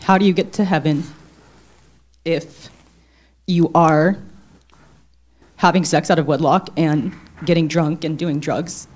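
A woman with a fairly low voice asks an earnest question at church. She rambles nervously, piling on "like" and "um" as she works through her worry. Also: steady tone, takes it slowly, long pauses, a little mellow. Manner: rambling, full of "like" and "um", anxious. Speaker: congregant asking a question.

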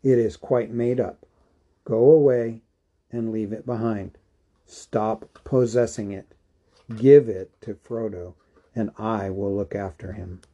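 A man reading aloud and voicing an old male wizard, grave and commanding, speaking slowly and deliberately. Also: on the low side, steady tone, warm tone, highs cut off. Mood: stern. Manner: slow, weighty, deliberate. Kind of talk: audiobook character reading.

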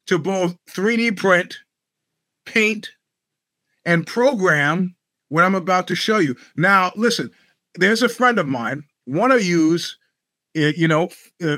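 A man's voice: high-pitched, sharp tone, no room sound, studio quality. A man hosting a show, telling rambling, sardonic stories with plenty of profanity. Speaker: podcast host. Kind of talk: casual monologue.

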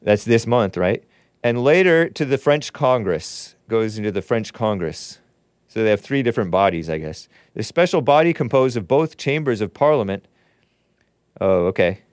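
Man, commentary host, sarcastic asides, animated pitch, dry close sound. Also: moderate pace, no room sound. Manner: sarcastic, scoffing, reads news aloud with asides. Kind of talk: opinionated commentary show monologue.

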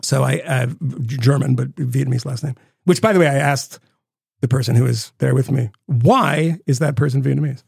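A man co-hosting a podcast, telling stories in a rambling, profane, animated way. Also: medium pitch, moderate pace, gravelly, slightly rough, no room sound, studio quality. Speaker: podcast co-host. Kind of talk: casual chat.

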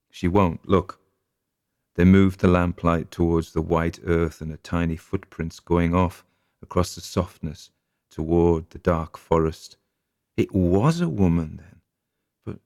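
A male narrator reads a spooky story in a very deep, gravelly voice, measured and atmospheric. The recording is close and dry, with no room echo. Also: a little mellow. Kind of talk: audiobook reading.

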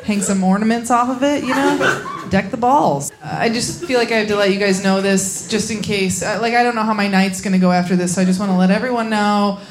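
A young woman performing a live stand-up set on a club stage, blunt and crude, with deadpan punchlines into a handheld mic. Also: mid-range voice, fast talker, few pauses, slight background noise. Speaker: stand-up comedian. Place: comedy club stage, laughing audience.

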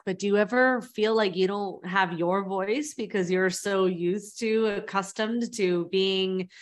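A woman's voice: mid-range voice, a bit bright. Curious woman hosting an interview. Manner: curious, reflective questions. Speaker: podcast host. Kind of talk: interview conversation.

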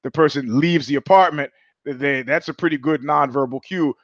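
A man's voice: on the high side, moderate pace, no room sound, highs cut off. A man hosting his own live show, telling a long story in a rambling way, full of restarts and quoted asides. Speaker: show host. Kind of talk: casual livestream monologue.

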